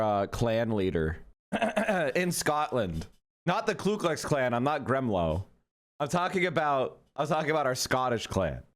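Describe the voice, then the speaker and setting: A man talking casually to his live-stream chat, joking and rambling with the odd swear word. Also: mid-range voice. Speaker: livestreamer.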